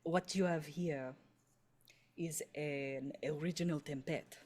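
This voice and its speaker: A woman runs a tabletop game in a low, unhurried voice. She rambles along with lots of fillers as she tells the backstory. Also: husky. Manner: relaxed, rambling with many fillers. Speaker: game master.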